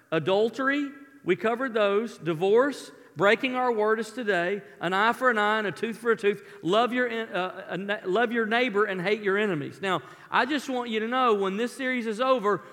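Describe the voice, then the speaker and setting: Male preacher, high voice, animated storyteller, long hall reverb. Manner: animated storyteller, folksy asides. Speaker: pastor. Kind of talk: sermon with personal storytelling.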